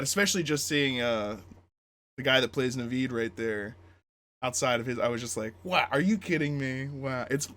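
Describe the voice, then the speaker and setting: A man hosting a reaction video, pausing to share his thoughts in a casual, chatty way. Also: mid-range voice, fairly bright tone. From United States.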